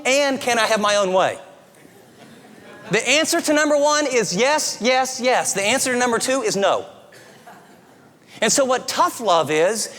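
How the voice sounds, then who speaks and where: A middle-aged man preaching a sermon, earnest and conversational, often dropping to soft, tender tones. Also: sits high. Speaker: pastor. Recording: long reverb of a large hall.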